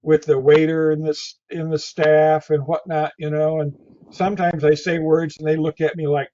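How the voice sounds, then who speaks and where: A man with a Tennessee drawl talks casually as an interview guest, in a fairly high voice. He rambles and restarts his phrases over and over. The audio sounds dull and muffled. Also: level tone, normal speed, dark tone. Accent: Southern US, Tennessee. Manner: rambling, repeats his words often.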